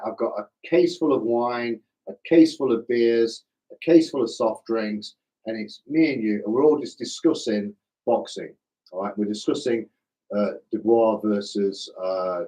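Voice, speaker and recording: A middle-aged man with a slightly hoarse voice, hosting a live stream in a casual, self-deprecating way and chatting with viewers like old mates. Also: medium pitch, darkish tone, poor audio. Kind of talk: casual live chat reading viewer comments.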